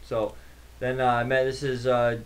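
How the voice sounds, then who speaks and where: A man's voice: mid-range voice, flat delivery, moderate pace. A man, a network engineer, casually recapping a tech conference in a rambling, chatty way with many fillers.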